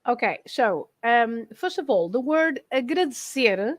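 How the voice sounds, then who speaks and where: A woman's voice: on the high side, lively intonation, a little slow, dry recording. A woman with a Portuguese accent who explains language points patiently in a casual live chat and often laughs.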